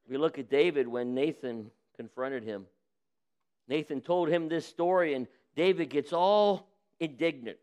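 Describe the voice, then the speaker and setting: Pastor preaching with a clear, fairly high voice. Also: male voice, unhurried, darkish tone. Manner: preaching with acted-out quotes of sinners and God; folksy direct address to the congregation. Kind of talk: sermon.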